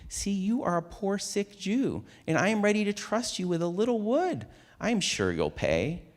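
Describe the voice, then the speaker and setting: A man reading aloud and voicing a kind rabbi disguised as a peasant woodseller, gently reproachful. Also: high voice, very animated, moderate pace, in a large hall, pitched above the performer's own voice.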